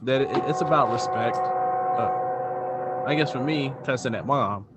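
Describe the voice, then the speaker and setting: A man's voice: medium pitch, a little slow, very noisy. A man co-hosting a podcast in casual chat, laid-back and agreeable, often chiming in with short replies. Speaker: podcast co-host.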